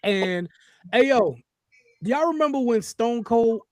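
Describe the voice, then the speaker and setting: A man hosting a casual chat show, telling stories in an animated, profane way. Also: very high voice, a little slow, no room sound, studio quality. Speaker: podcast host.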